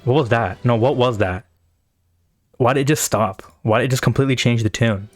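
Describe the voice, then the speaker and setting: A man's voice: mid-range voice, fairly quick, soft background music. A man streaming live, reacting bluntly and profanely while thinking aloud. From Pakistan or India. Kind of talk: casual live-stream commentary.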